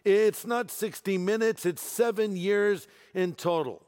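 A man preaches a sermon, his voice sitting a little higher than most men's. He drives home his points with emphasis and drops in dry jokes along the way. Everything echoes with the long reverb of a large hall. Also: a little slow, a little mellow, clean tone. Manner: emphatic preaching with humorous asides. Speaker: pastor.

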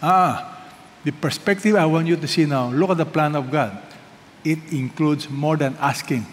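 A man's voice: a little high, moderate pace. Guy preaching, emphatic, gets the crowd to repeat after him, bit of hiss in a big echoey hall. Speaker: pastor. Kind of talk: sermon. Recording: reverberant hall with faint noise.

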